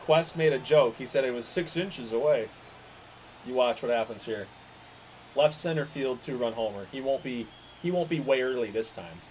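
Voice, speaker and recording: A man's voice: medium pitch, moderate pace, darkish tone, slight background noise, rough recording. A man calling a baseball video game play by play, exasperated and swearing as his team loses. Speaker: gaming streamer calling the game.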